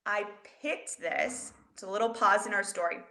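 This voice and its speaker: Animated woman teaching kids, roomy sound. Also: medium pitch, normal speed, vocal fry. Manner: animated, expressive, talks directly to children. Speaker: educator teaching children. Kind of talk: storytelling lesson for kids. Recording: roomy echo.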